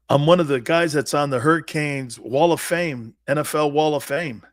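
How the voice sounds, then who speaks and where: A man in his fifties hosts a sports talk show, telling his own stories with blunt emphasis and salty slang. His voice sits a bit high for a man and is recorded dry and close. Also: a little slow, no echo. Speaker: sports talk show host, former pro football player. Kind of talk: animated personal storytelling.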